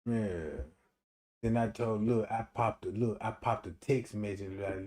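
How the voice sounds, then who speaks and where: A man doing a loud comedic livestream rant, animated and profane, laughing often and acting out quotes in different voices. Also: mid-range voice, moderate pace. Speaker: streamer.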